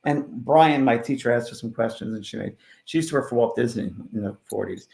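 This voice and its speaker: A man who is a spiritual medium, telling stories in a casual interview and swinging between loud and hushed. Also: medium pitch, brisk, gravelly. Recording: roomy echo.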